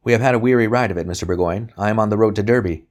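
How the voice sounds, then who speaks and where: A man's voice: deep voice, steady tone, fast talker, darkish tone. A man reading aloud voices a young priest who speaks carefully and earnestly in a novel. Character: young earnest male priest, guarded courier. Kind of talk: audiobook character reading.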